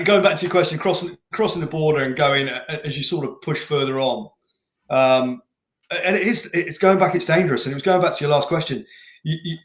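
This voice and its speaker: Interview guest, male race director, rambling storyteller, echoey room. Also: fairly high pitch. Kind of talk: casual interview chat. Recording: roomy echoing room.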